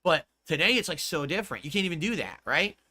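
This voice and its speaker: A man's voice: fairly high pitch, very animated, fast, bright, forceful tone, no room sound. A streamer in a played clip, a man rambling about his past in casual talk, repeating himself and swearing freely. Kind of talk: casual storytelling.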